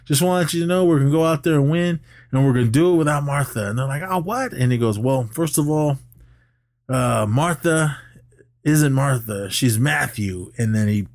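This podcast co-host, a man with a mid-range voice at normal speed, walks through a film's story in a lively, casual way and voices the characters himself. The studio-quality recording has no room sound.

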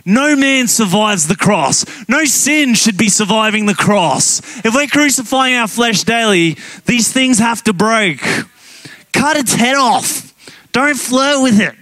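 A man preaches with a high, bright-sounding voice, animated and emphatic as he tells a story. He laughs often and presses his points hard. The sound is dry and close, with no room around it. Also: measured pace, dry recording. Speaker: guest pastor. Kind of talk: sermon.

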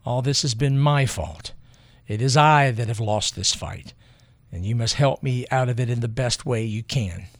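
A man voicing an older general who speaks calmly and gravely, low and quiet, taking the blame on himself. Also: moderate pace, dry recording, natural voice. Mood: remorseful. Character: older male general, calm, grave, remorseful.

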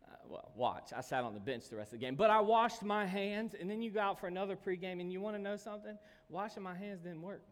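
A man preaches a sermon in a fairly high voice, telling stories from his own life. He moves from easy calm talk to sudden loud shouts. His voice rings with a long reverb from the hall around him. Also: fast talker, few pauses. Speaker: pastor.

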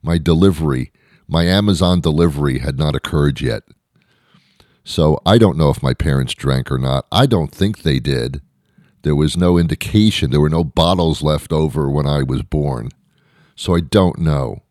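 A man's voice: a bass voice, normal speed, darkish tone, no echo, clean studio sound. A man hosting his own podcast, rambling through a self-deprecating comic monologue full of fillers and restarts. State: out of breath. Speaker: podcast host.

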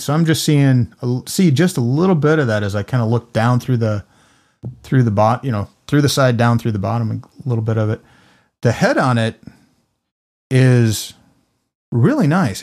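A man's voice: mid-range voice, moderate pace. A man casually reviewing a beer, musing aloud and often restarting his sentences. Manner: relaxed, musing, stumbles over words. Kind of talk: casual tasting chat.

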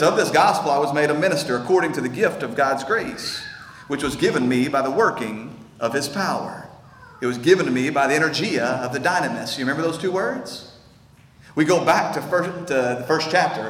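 The speaker is a male pastor whose slightly high, somewhat bright voice fills a church sanctuary with an earnest, intense sermon. He frequently stammers and repeats words as he builds, and the audio echoes like a hall with faint ambience.

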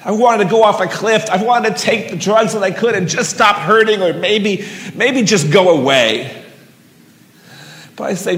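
A man's voice: high-pitched, moderate pace, fairly bright tone. A middle-aged man telling a personal story live on stage into a handheld mic, earnest and vivid, with casual swearing. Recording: long reverb of a hall.

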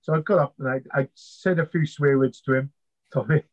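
A British man, a navy veteran and interview guest, telling his story in an animated way, swearing freely and acting out past conversations. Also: mid-range voice, brisk. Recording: slightly muffled lo-fi sound.

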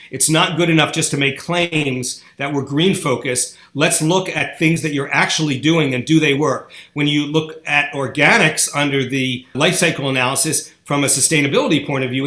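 A man giving an interview, making a forceful, opinionated argument. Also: fairly high pitch, echoey room. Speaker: interview guest. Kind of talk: podcast interview.

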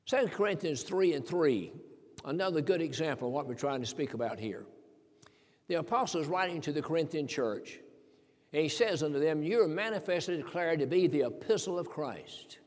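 A man's voice: a little high, expressive, fairly quick. A man, a pastor preaching a sermon, emphatic and repetitive, asking rhetorical questions. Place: church sanctuary. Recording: long hall reverb.

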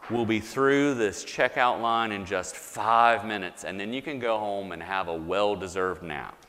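A male pastor voicing a patient young mother who speaks gently to her little daughter, in a sermon story. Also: lowish voice, unhurried, long reverb tail, voice pushed down.

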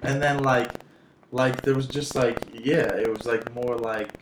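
Guest: thirties man, from South Florida, loose rambling delivery, mid-pitched, boomy hissy badly set-up room. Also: steady tone, unhurried. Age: 30s. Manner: rambling, filler-heavy, self-interrupting. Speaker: podcast guest, stand-up comic. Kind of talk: casual conversation. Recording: echoey, noisy amateur podcast audio.

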